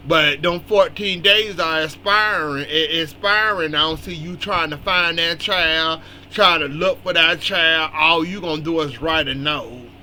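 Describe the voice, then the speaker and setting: A man's voice: on the high side, pushed and bright, a little hiss or hum. A man in casual spoken commentary, recapping a soap opera and scolding its characters bluntly.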